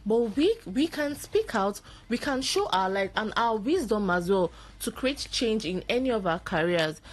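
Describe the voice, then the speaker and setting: A woman with a Nigerian English accent speaks as a guest on a radio talk show in a studio. Her voice has a middle pitch, and she makes her points in an earnest, persuasive way. At times she acts out the sharp, scolding voices of parents. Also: very animated, normal speed.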